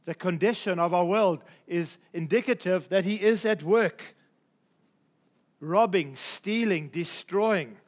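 A man preaching a sermon, emphatic and repetitive, slowing down to stress scripture lines. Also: high voice. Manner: emphatic, repeats key phrases, slows for scripture.

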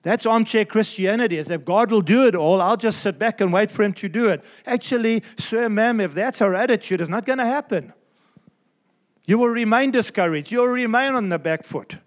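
A man preaching a sermon as pastor, emphatic and repeating key phrases, slowing down to stress his points. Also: sits high.

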